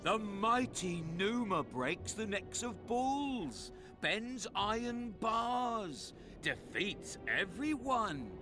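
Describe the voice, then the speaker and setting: An actor playing a boastful male apprentice in a game, announcing grandly and slowly. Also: sits high, very animated, music in the background, exaggerated voice.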